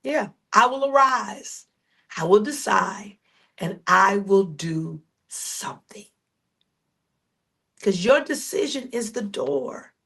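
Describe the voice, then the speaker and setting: This podcast host is a woman delivering a sermon in a medium-pitched, animated voice that sounds fairly bright with a breathy edge. Refrains recur, she puts questions straight to her audience, and her pace swings from brisk stories to slow, stretched-out proclamations.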